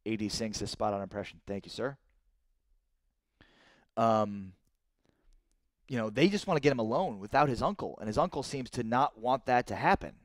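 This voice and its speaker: Man, 30s, sports talk host, live stream, excitable, dry close mic. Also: medium pitch, normal speed, pauses often, no room sound. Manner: excitable, rises sharply when indignant.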